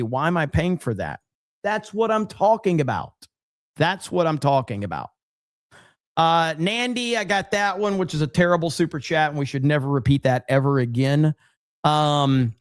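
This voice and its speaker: A man with a fairly high voice hosts a casual livestream, reading out viewer messages and tossing in brisk, upbeat asides. The sound is dry and close, with little room around him. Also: clean tone, dry recording. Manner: upbeat, thanks viewers by name, quick asides. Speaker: livestream host reading super chats.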